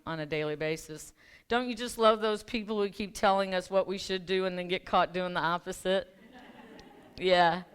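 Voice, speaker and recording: A woman's voice: lowish voice, fairly bright tone, clean tone. A woman who works as a life coach gives a chatty, self-deprecating sermon, telling a personal story in a church sanctuary and laughing along with the congregation. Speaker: guest speaker and life coach.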